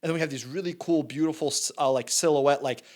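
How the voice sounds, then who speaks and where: A man's voice: on the high side, quick pace. A man co-hosting a movie review podcast, chatting animatedly and acting out scenes in silly voices. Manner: animated, acts out characters' lines in funny voices. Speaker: podcast co-host. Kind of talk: casual movie review chat.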